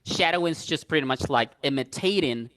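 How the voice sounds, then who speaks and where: A man's voice: a little high, a little fast, fairly bright tone, a little hiss or hum. A man hosting a live stream, chatting casually, reading out viewer questions and telling stories. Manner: conversational, agreeing often, storytelling.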